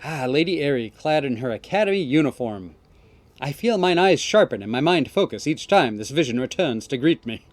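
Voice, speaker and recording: A man's voice: mid-range voice, expressive, normal speed, dry recording, close to an everyday voice. A man voicing a theatrical young male ninja student who speaks in archaic, flowery phrases. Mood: grandiose. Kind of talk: reading game dialogue aloud.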